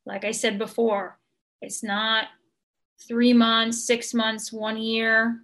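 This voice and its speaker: Woman coach, interview guest; unhurried, gentle, earnest delivery with frequent ums. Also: fairly high pitch, monotone. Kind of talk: podcast interview answer.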